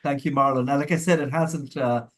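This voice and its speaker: Middle-aged guest from India, reflective and measured, restarts often mid-thought. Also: male voice, medium pitch, steady tone, fairly bright tone. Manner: thoughtful, measured, with frequent restarts and light laughs. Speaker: guest, mental health professional. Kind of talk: conversational interview answers.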